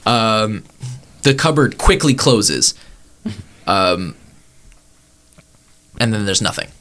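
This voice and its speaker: Bright-voiced man running a tabletop game. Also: fairly low pitch, lively intonation, takes it slowly, slight background noise. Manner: laid-back narration with many "um"s. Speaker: game master.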